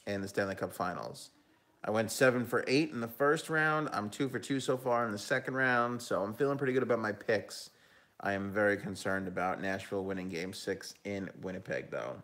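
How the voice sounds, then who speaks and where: A man's voice: fairly low pitch, fairly bright tone. A man hosting a live hockey talk stream, chatting casually, giving his picks and reading viewer comments aloud. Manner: casual, chatty, with frequent ums and self-corrections. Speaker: hockey talk show host and analyst.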